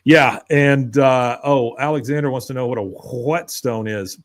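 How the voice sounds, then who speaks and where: A man's voice: medium pitch, a little slow, a little hiss or hum. A man co-hosting a podcast, casually retelling an episode scene by scene and quoting the characters. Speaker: podcast co-host.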